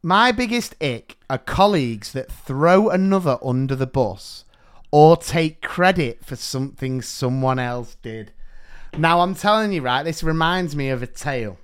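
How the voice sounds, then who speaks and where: A man, a teacher co-hosting a podcast, telling anecdotes in an animated, quick way. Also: on the high side, clear, resonant tone. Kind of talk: casual chat, anecdote telling.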